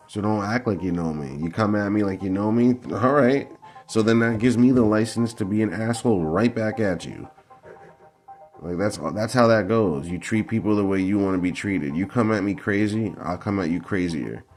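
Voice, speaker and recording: A man's voice: deep voice, darkish tone. A man breaking down football game film in a heated, profane, combative rant. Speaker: football analysis vlogger.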